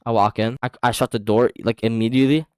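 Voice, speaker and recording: A man's voice: mid-range voice, steady tone, quick pace, clean tone, no room sound. A young man casually telling a storytime story to his viewers, slangy and profane, with lots of fillers.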